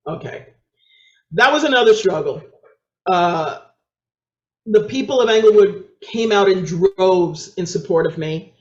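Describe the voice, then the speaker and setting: A woman's voice: expressive, unhurried, long pauses. A woman with a New York accent, a guest on an interview show, telling her story with energy, acting out other people's voices and laughing often. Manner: acts out quoted voices with big pitch jumps, laughs often. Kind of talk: animated storytelling. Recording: echoey, dull lo-fi sound.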